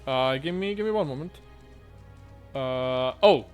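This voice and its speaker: A man's voice: medium pitch, expressive, measured pace, faint music behind. A man running a tabletop game as dungeon master, talking casually with many fillers and swearing often.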